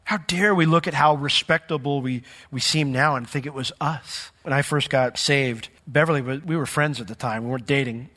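A man preaching a sermon as pastor, in a conversational way with joking asides and sudden jumps in pitch. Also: brisk, few pauses, pushed and bright. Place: church sanctuary. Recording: long hall reverb.

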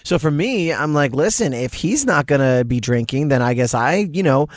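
A man's voice: fairly high pitch, animated, moderate pace, no room sound, clean studio sound. A man hosting a morning radio show, chatting energetically and telling stories. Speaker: radio host. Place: radio studio.

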